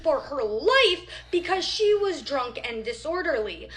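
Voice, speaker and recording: High, lively woman on a grave report. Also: a little slow, over a noisy crowd.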